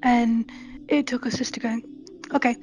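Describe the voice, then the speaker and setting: A woman's voice: on the high side, normal speed, soft background music. A woman with a stammer, candidly telling her own story in an interview and acting out past conversations. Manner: candid, animated retelling of conversations. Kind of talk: personal testimony interview.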